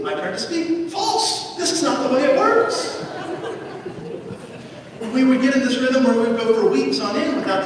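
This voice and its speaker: A man's voice: extremely high pitch, background noise. A male pastor preaching a sermon, telling stories with dry humor. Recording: echoey church hall from far off.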